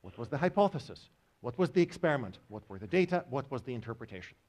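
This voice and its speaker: A man's voice: mid-range voice, very animated, fast, darkish tone. A man giving a university biology lecture, joking with his students as he explains. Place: lecture hall.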